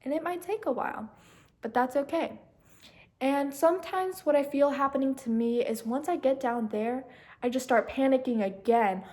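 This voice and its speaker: A gentle young woman with a slightly high voice talks the listener through a meditation. She slows down and softens as she guides their breathing. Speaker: meditation channel host.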